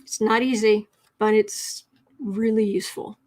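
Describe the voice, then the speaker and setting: A woman's voice: medium pitch, fairly even intonation, a little slow, darkish tone. A woman hosting a casual writing livestream, chatting with viewers and reading out comments before a short lesson. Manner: chatty, reads viewer comments aloud, self-correcting. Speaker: livestream host and writing coach.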